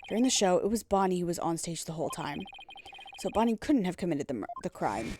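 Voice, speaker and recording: A woman's voice: on the low side, sing-song, fast talker, background noise, voice pushed down. A woman voicing a young male defense attorney in an earnest, explaining manner, close to her own voice, as she reads a game aloud.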